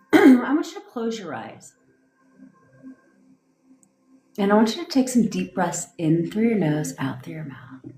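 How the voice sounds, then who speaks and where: A woman coach leading a slow, hushed guided visualization for her viewers. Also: mid-range voice, very animated, reverberant, faint music behind, poor audio. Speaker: manifestation coach. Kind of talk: guided meditation.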